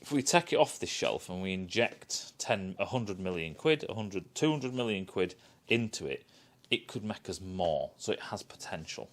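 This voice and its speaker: A man's voice: low voice, expressive, moderate pace. A man ranting in a casual, sweary, sarcastic review. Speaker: film and TV reviewer.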